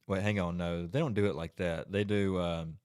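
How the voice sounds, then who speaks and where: Male streamer, low voice, casual, laughs easily, keeps stalling. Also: steady tone, normal speed, darkish tone, clear, resonant tone, no echo, studio quality. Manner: chatty, giggly, keeps stalling. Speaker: livestream host. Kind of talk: casual livestream chat.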